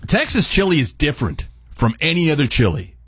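A man in his thirties talks through a recipe on a morning show, joking and easygoing. His voice is slightly husky and lively in pitch. The sound is dry and close. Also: fairly quick, dry recording. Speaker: chef and co-host. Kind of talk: casual cooking segment chat.

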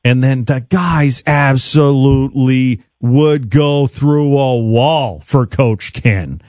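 A man's voice: medium pitch, slow pace, a little mellow, no echo, clean studio sound. A man hosting a radio sports talk show, chatting casually and asking his guest short, friendly questions. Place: radio studio.

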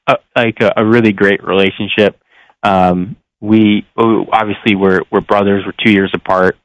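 A young man speaks as a radio guest in an earnest, searching way, his voice low and smooth with an even, flat delivery. The sound is dry and a little dull, as on a lo-fi line. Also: normal speed, no echo. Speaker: professional football player.

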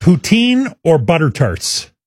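A man's voice: on the high side, huge pitch swings, slow, breathy edge, dry recording, clean studio sound. A man hosting a casual radio interview, quizzing his guest playfully and laughing often. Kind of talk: casual chat.

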